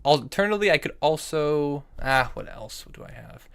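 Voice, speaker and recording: A man's voice: a little high, lively intonation, brisk, gravelly, clear, resonant tone. A young man streaming chess online, thinking aloud about his moves, repeating himself and answering chat messages between moves. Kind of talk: live-stream commentary while playing chess.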